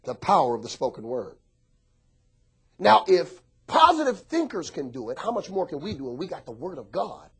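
A male pastor preaching a sermon, joking with the congregation and swinging from soft asides to shouts. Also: a little high, big pitch swings, moderate pace, husky.

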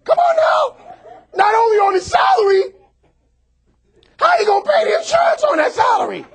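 A male pastor preaching a sermon, talking animatedly to his congregation and often bursting into shouts. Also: very high voice, big pitch swings, moderate pace, some chatter behind.

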